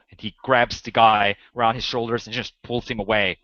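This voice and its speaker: A man's voice: fairly low pitch, flat delivery, brisk, few pauses, pushed and bright, dry recording. A man narrating a tabletop game as game master, with casual, filler-heavy narration. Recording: dull, slightly lo-fi, dry recording.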